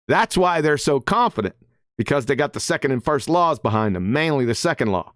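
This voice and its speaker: A mid-range voice with big pitch swings, moving a little fast, carries a live host's combative take on the quotes they read aloud. The host is emphatic and mocking, forever tagging lines with "right?", and the recording is dry and studio quality.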